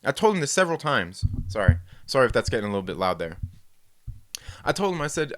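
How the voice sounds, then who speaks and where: A man telling a story in a loose, casual chat, with a voice of middling pitch. He rambles, restarts and swears freely, and slips into quick put-on voices for the people he quotes. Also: big pitch swings, fairly bright tone, no echo, clean studio sound. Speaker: host.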